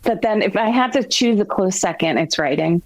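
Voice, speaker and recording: A woman being interviewed as a grammar expert, telling lively classroom stories. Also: mid-range voice, normal speed, dry recording, low-quality recording. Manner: storytelling, animated quotes. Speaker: guest, grammar expert and author. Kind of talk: interview conversation.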